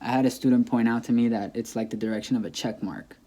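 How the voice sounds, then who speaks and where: A man teaching a language lesson in a patient, repetitive way, saying example words aloud several times so the stress is clear. His voice is mellow and dark, at a middle pitch for a man. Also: fairly even intonation, fast talker. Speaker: Spanish teacher. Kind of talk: classroom-style lesson explaining grammar.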